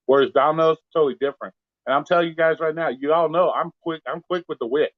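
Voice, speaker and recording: A man's voice: fairly high pitch, quick pace, no echo, phone-quality sound. A man, a delivery driver, telling stories in casual live-stream chat, blunt and profane, acting out both sides of arguments. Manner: profane, blunt storytelling with quoted back-and-forth. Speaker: gig delivery driver, co-host.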